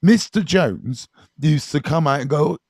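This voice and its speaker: A man, a recovery mentor telling stories to viewers on a live stream, casual and animated, swearing freely and often checking in with his listeners. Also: a little high, a little slow, husky, dry recording. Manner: animated, swears freely, keeps checking in with "right?" and "you know what I mean".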